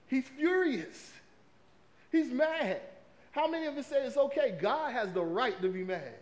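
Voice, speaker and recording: A man delivers a sermon. His voice sits high for a man. He talks in a loose, conversational way and keeps asking the congregation questions. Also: unhurried. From American South. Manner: lively, conversational preaching with crowd prompts. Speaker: pastor.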